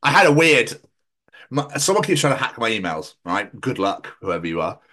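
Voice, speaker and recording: A man's voice: medium pitch, sing-song, normal speed, bright, forceful tone. A man hosting a podcast in casual chat, swearing and joking a lot. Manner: sweary, joking, does mock voices. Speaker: podcast host.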